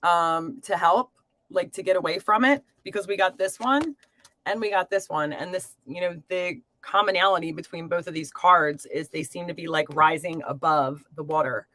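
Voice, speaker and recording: A woman's voice: lowish voice, normal speed. A woman hosting a live tarot reading stream, talking casually to viewers with lots of fillers and pet names. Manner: chatty, warm to viewers, filler-heavy.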